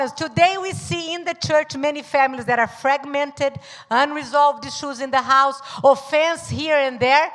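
Her high voice echoing through the church, a woman pastor preaches with her husband beside her. She acts out bits of stories, laughs frequently, and raises her voice to a shout at times.

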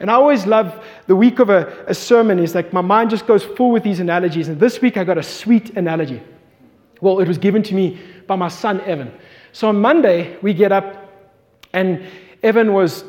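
A man in his thirties preaching a sermon, telling a family story in an animated way as a pastor. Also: high-pitched. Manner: animated storyteller, voice climbing when excited. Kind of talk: sermon with personal anecdote. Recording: long reverb from a large hall.

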